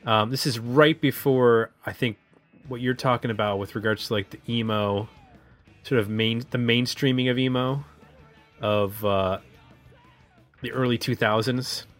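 A man's voice: mid-range voice, fairly even intonation, unhurried, faint music behind. A man co-hosting an album review podcast, chatting casually with some hesitant fillers. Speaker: podcast co-host.

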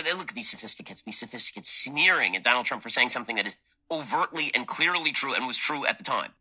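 A man's voice: a little high, pushed and bright, low-quality recording. A man giving political commentary in a pointed, scornful way. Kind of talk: fast commentary.

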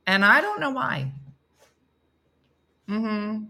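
A woman's voice: medium pitch, extremely slow, long pauses. A woman with a New Jersey accent hosting a casual live-stream morning show, joking and laughing as she reads viewer comments aloud. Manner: animated, joking, laughs often.

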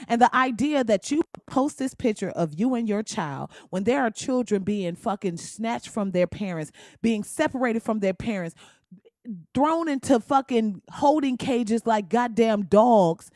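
A woman's voice: on the high side, animated, measured pace, darkish tone, dry recording, studio quality. A woman commentator delivering a blunt, profane comedic rant, slipping into mocking voices.

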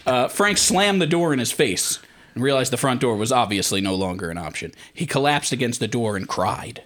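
A podcast host narrates a crude comedy skit, with a lively voice that rises and dips across each line. He swears freely and laughs into his own jokes. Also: medium pitch, fairly quick. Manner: joking, swearing, laughing into lines.

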